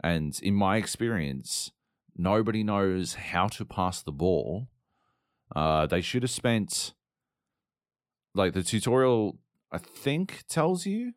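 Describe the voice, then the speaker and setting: A man's voice: sits low, clean tone, dry recording, studio quality. A man hosting a solo gaming podcast, ranting casually with lots of swearing and fillers. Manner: sweary, exasperated, rambling with many fillers. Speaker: podcast host. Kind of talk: casual solo podcast rant about games.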